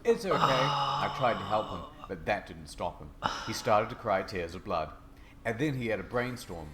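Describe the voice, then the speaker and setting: A man narrating a comedic dramatic reading in a deadpan, mock-serious way. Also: on the low side, normal speed, heavy background noise.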